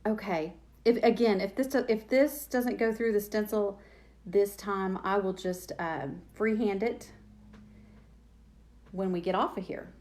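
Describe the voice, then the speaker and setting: A woman's voice: mid-range voice, fairly even intonation, unhurried, a little mellow. Woman, DIY host, chatty and self-deprecating, mid-range voice, talks to her viewers while crafting. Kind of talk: live-streamed craft demo, chatting with viewers.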